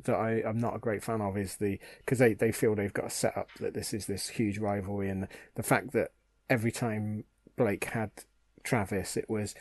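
A man's voice: on the low side, steady tone, normal speed, dry recording. A man co-hosting a podcast, chatting casually and agreeably about an old television series. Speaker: podcast co-host. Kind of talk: casual fan discussion.

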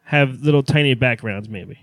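A man's voice: mid-range voice, moderate pace, no room sound. A man co-hosting a podcast, chatting casually and joking, often restarting his sentences. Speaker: podcast co-host. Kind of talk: casual chat.

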